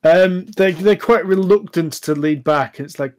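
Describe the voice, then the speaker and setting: A man narrating a tabletop role-playing game as game master, chatty and quick to laugh, recorded over a voice call. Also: on the high side, fairly even intonation.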